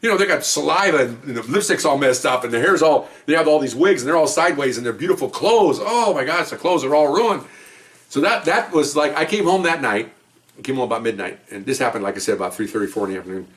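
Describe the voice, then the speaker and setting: An older man, a retired police officer, telling a rambling, animated story about his early days on the job. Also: on the high side, quick pace. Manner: rambling, animated, acts out quotes. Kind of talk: casual storytelling.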